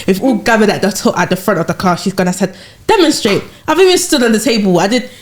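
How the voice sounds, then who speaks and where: A young woman from England, chatting casually on a podcast and telling animated stories full of slang. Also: medium pitch, fast. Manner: animated storytelling with slang and laughter.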